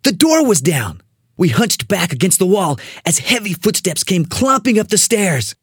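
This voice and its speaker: A storyteller reading a spooky children's story aloud, building suspense with an expressive delivery. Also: mid-range voice, moderate pace, breathy edge, dry recording, clean studio sound.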